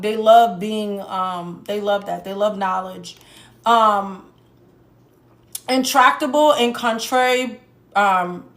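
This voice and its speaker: A woman giving a casual tarot reading to her viewers, blunt and profane, with joking asides. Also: a little high. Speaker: tarot reader. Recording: echoey room with faint noise.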